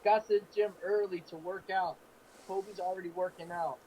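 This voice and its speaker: A man's voice: high voice, steady tone, moderate pace, a little mellow, a little hiss or hum, rough recording. A man telling sports stories in an earnest, emotional way during a casual talk show. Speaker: co-host.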